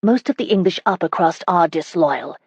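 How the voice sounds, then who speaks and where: A woman's voice: lively intonation, normal speed, husky, no room sound. A woman narrator voicing a spirited, indignant young woman in an audiobook, speaking emphatically and sharply. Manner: sharp, emphatic, higher and louder than narration.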